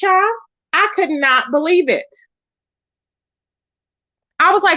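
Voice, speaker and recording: Sassy high-voiced woman with lively pitch. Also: slow pace, long pauses, dull audio. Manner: sassy, emphatic, addresses viewers as y'all. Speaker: YouTube commentary host. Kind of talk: casual drama commentary chat.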